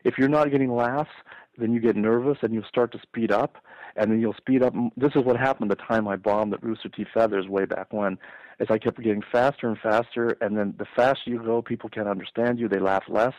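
Fast-talking man on a dull call-in line. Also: fairly low pitch, steady tone, a little mellow, no echo. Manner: fast-talking, eager storyteller. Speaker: comedian calling in as guest. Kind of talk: casual chat.

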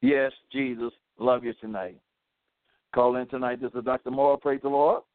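A man's voice: medium pitch, fairly even intonation, normal speed, dry recording. A man preaching a radio sermon with fervor, sprinkling in "amen" and "praise the Lord" as he exhorts his listeners to pray. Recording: tinny phone-like radio sound.

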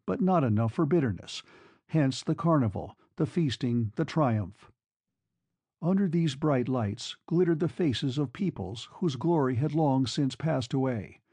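In a measured, expressive audiobook reading, a man with a mid-range voice narrates a classic novel. The recording is dry.

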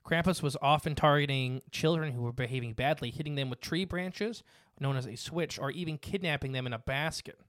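Podcast host reading lore notes. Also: male voice, on the high side, a little fast, a bit bright, no room sound, studio quality. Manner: reads notes with fillers and restarts. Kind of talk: casual podcast chat.

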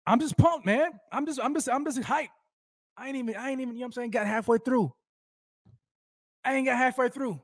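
A man's voice: very high voice, a little fast, long pauses, no room sound, studio quality. A man hosting a live sports fan show, hyped and rambling, with slangy street talk and lots of repeats.

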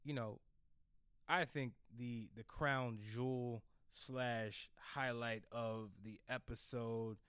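A relaxed man co-hosting a music review podcast, speaking in an easy, conversational way and often doubling up words mid-sentence. His voice is smooth and resonant, recorded close to the mic in a dry, dead-sounding space. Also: mid-range voice, slow, no room sound. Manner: laid-back, stammers and repeats words. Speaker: podcast co-host. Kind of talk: casual chat.

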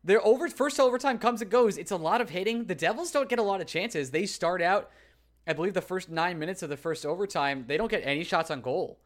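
A man's voice: high voice, lively intonation, brisk. Easygoing man co-hosting a podcast. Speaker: podcast co-host. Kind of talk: casual sports podcast chat.

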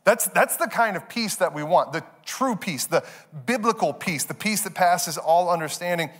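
A man's voice: high-pitched, lively intonation, normal speed. A male pastor preaching a sermon in a conversational way, repeating phrases and acting out little asides.

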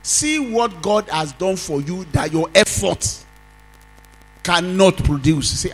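High-voiced Nigerian pastor preaching. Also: male voice, animated, husky, soft background music, rough recording. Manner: preaching with call-and-response, drawn-out sung phrases. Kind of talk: sermon.

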